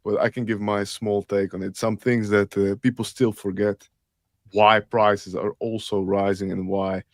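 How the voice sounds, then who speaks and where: A man's voice: fairly low pitch, level tone, unhurried, no room sound, studio quality. A man co-hosting a casual talk, starting his points hesitantly and repeating words. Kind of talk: casual chat.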